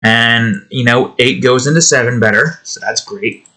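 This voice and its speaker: Working on a game he's making himself, a hobby developer talks casually at a moderate pace in a medium-pitched voice that's bright and forceful. He rambles and swears, addresses the pieces he's editing, and slips into a joking redneck drawl.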